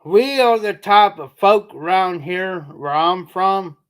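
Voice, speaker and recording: A man with a southern Ohio accent chatting casually on a livestream, slow and rambling in a folksy way. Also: high-pitched, a bit bright, clean tone. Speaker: livestream host.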